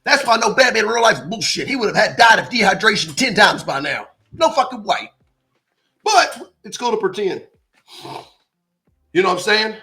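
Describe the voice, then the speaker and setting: A young man who is a podcast guest, telling stories in a blunt, profane, animated way in casual chat. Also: high-pitched, moderate pace, long pauses. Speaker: podcast guest, window tinter.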